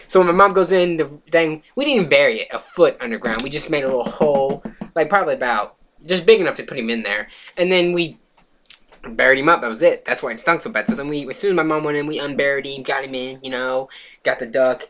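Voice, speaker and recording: A man's voice: mid-range voice, a little fast. A young man telling a rambling comic story to camera. He swears freely and laughs while telling it. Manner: swears freely, laughs while telling, gets loud and excited at the funny parts. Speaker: vlogger.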